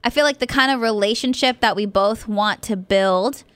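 A woman's voice: on the high side, moderate pace, clean tone, dry recording. A young woman co-hosting a radio show, chatting casually about her relationship with lots of "like" and casual swearing. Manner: chatty, frequent "like", animated retelling, swears casually. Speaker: radio co-host. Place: radio studio.

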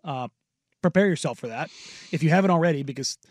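A man's voice: on the high side, fast, no echo, studio quality. Laid-back man, casual sports chat. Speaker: sports reporter on a podcast.

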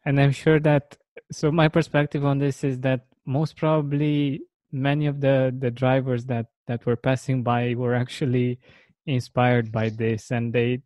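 A man's voice: mid-range voice, level tone, measured pace, darkish tone, no echo. A man hosting a podcast, responding in a casual interview and restarting his words while he forms his thoughts. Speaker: podcast host.

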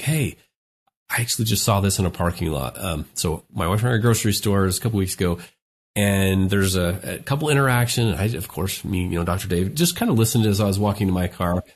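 A man's voice: fairly low pitch, a little mellow, breathy edge. A man co-hosting a podcast, giving earnest relationship advice in a casual discussion and acting out quoted lines. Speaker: podcast co-host, relationship expert.

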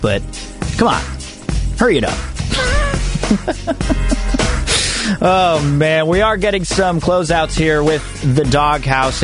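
A man hosting a sports radio show, talking through listener comments in a chatty, rambling way with frequent restarts. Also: mid-range voice. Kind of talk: sports talk show monologue.

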